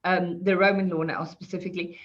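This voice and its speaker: A woman's voice: fairly low pitch, level tone, fairly quick. A woman explaining property law on an online panel, chatty and self-deprecating, laughing often. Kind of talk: conversational explanation. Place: online video call. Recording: muffled video call audio.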